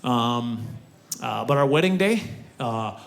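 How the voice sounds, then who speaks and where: A man's voice: mid-range voice, animated, slow, gravelly. A man in his forties doing stand-up comedy on a stage, self-mocking and talking straight to the audience. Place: theater stage before a live audience.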